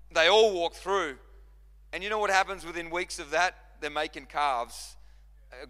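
A man's voice: fairly high pitch, pushed and bright. A man preaching a sermon as pastor, impassioned, repeating and restarting phrases as he drives his points home. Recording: long reverb of a large hall.

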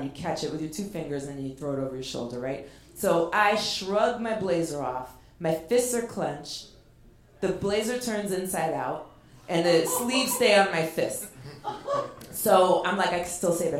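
A woman hosting a live comedy show, telling a self-mocking story with lots of filler words on stage. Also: lowish voice. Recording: echoey live venue.

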